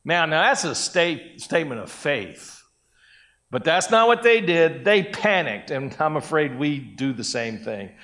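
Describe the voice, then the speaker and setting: Male pastor, unhurried sermon delivery, higher-pitched voice, conversational with acted quotes. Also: big pitch swings, pushed and bright.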